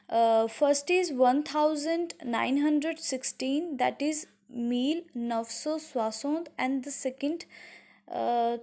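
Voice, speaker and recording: A young woman teacher with an Indian English accent, explaining a language lesson slowly, repeating words and pausing with fillers. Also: high voice, darkish tone. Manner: slow, repetitive teaching with frequent uh fillers. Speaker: French teacher. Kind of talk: classroom lesson.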